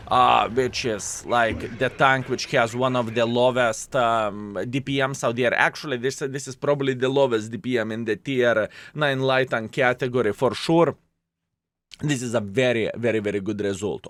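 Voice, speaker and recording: A man's voice: mid-range voice, fairly bright tone, no echo. Chatty male game commentator. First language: Lithuanian. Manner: chatty, jokey, addresses viewers as fellas. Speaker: gameplay commentator.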